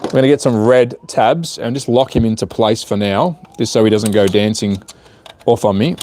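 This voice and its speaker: A man's voice: on the low side, normal speed, warm tone, slight background noise. A man chatting casually on a live stream while repairing a small device, muttering to himself as he works. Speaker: hobby livestreamer.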